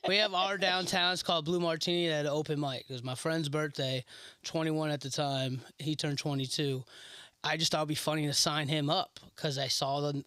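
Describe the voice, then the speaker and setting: A man's voice: a little high, sharp tone, clear, resonant tone, no echo. A man telling a laid-back story about his first comedy set, peppering it with "dude". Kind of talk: casual chat, storytelling.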